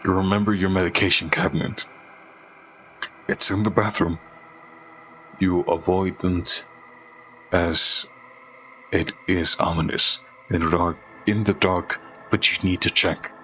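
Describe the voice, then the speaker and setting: Man, horror story narrator, slow ominous delivery, low bright voice, muffled lo-fi audio with faint hiss.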